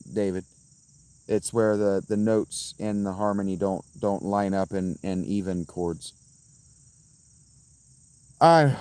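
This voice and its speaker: A man livestreaming outdoors and answering his chat in a profane, combative, quick-tempered way. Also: on the low side, dark tone, smooth, dry recording. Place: outdoors by a fountain.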